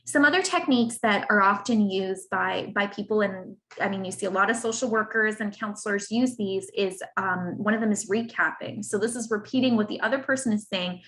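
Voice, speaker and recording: A woman's voice: medium pitch, fairly quick, hardly any pauses, low-quality recording. Earnest woman coaching caregivers online. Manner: warm, earnest, explanatory with example phrases. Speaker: cancer coach presenting a webinar. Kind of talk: online presentation. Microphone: computer mic on a video call.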